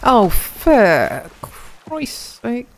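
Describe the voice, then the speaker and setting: A woman's voice: fairly high pitch, wildly swooping pitch, extremely slow, a little hiss or hum. A woman streamer giving live commentary on her gameplay, laughing often and calling out to other players and her chat.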